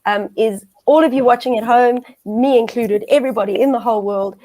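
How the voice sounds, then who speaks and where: A woman from South Africa hosts a casual panel chat, her voice sitting a little higher than average. She keeps things encouraging and friendly, dropping quick affirmations as others talk. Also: warm tone, no echo, poor audio. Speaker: host.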